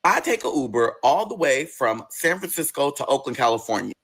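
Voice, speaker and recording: A man's voice: mid-range voice, big pitch swings, brisk, a bit bright, husky. A man telling a long personal story in a casual vlog, cursing freely and talking with big expression.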